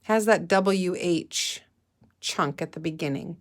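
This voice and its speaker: In a guided reading session for young kids, a woman teacher with a fairly low voice prompts the class to say words and spell them, taking a patient, deliberate approach.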